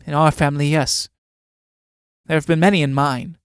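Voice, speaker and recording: A bitter middle-aged wife, scornful and needling, comes through in a smooth, raised voice, as a man reads her part. It is a dramatic stage-play reading, recorded close and dry, with no room sound. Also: on the high side, steady tone, normal speed, no room sound, natural voice. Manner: sarcastic, needling.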